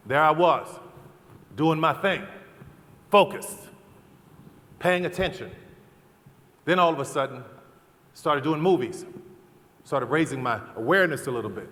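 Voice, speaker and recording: A middle-aged man giving a fervent, preacherly convention speech, building to loud repeated calls. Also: fairly high pitch. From American South. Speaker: keynote speaker. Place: large convention hall. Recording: long hall reverb.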